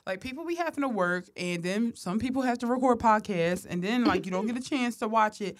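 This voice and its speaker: A woman co-hosting a podcast in casual, slangy chat, animated and often laughing. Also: a little high, brisk. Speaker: podcast co-host.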